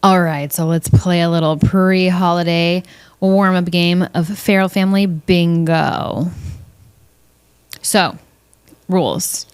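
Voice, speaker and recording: Woman podcast host, lower voice, casual monologue, profane and jokey, mimics relatives with squeaky put-on voices. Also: steady tone, takes it slowly, pauses often, smooth. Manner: blunt, profane, jokey, mimics family members in high voices.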